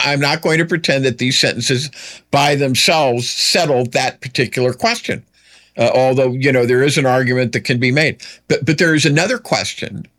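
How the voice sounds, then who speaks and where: A man's voice: mid-range voice, fairly bright tone. A man hosting a solo political commentary show, firing off emphatic rhetorical questions with sarcastic asides.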